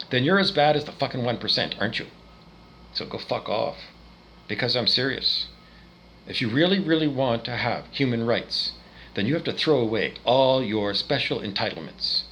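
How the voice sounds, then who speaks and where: A man from Canada ranting angrily, swearing often and swinging between loud outbursts and quieter muttering. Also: mid-range voice, a little hiss or hum, low-quality recording. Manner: profane, agitated ranting with swings in loudness. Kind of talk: angry rant monologue.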